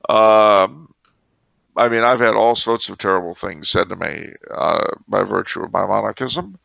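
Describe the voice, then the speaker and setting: A man with a very gravelly, bright voice co-hosts a podcast in casual chat. He tells stories wryly and sarcastically, with sudden exclamations. The recording is dry and muffled. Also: on the low side, a little slow, no echo. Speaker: podcast co-host.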